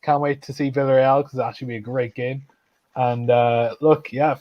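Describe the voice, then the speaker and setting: A blunt, opinionated man talking football, restarting his sentences as he goes. His voice sits at an ordinary pitch. The call audio is dry and a little dull. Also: fairly even intonation, moderate pace, dry recording. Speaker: football podcast panelist. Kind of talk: casual football chat.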